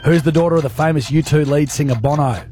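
A man co-hosting a radio show, reading quiz questions in a quick, jokey way and tripping over words now and then. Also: fairly high pitch, noisy background. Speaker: radio co-host and quizmaster. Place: radio studio.

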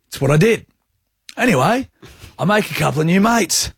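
A man's voice: sits high, animated, moderate pace, creaky, a little hiss or hum. A man in his thirties with an Australian accent, co-hosting a radio show and telling a self-mocking anecdote. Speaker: radio co-host. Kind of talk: casual breakfast-radio banter, storytelling. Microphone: studio microphone.

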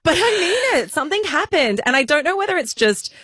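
A woman's voice: high-pitched, big pitch swings, a little fast, a bit bright, dry recording, clean studio sound. A woman in her thirties co-hosting a podcast, chatty and self-mocking, with lots of filler words. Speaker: podcast co-host. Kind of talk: casual chat.

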